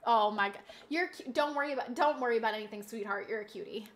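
A woman's voice: a little high, fast talker, a bit bright. A young woman streamer chatting casually to her live chat, giggly and talkative, at a desk mic. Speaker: game streamer.

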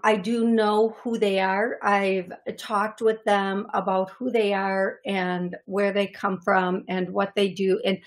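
A woman hosting a call-in radio show as a psychic medium, chatting in a friendly way with callers and the chat. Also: medium pitch.

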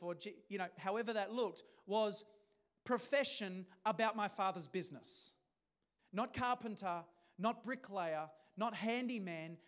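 High-voiced male preacher. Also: a bit bright. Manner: conversational preaching with questions to the congregation. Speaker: pastor. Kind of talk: sermon.

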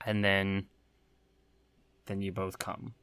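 A man co-hosting a podcast, chatting casually with deadpan, absurd humor. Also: low-pitched, takes it slowly, smooth, no room sound. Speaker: podcast co-host. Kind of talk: casual chat.

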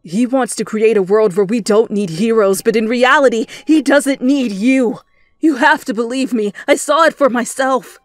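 A woman's voice: on the low side, steady tone, unhurried, warm tone, slightly rough, no room sound. A woman voicing a frantic, desperate young man who pleads and stammers, in a whispered role-play. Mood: pleading.

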